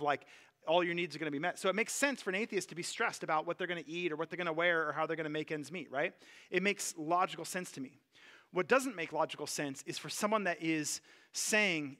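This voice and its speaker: A man's voice: on the high side, sharp tone. A man, a pastor, preaching a sermon in an earnest, conversational way, with frequent fillers and restarts.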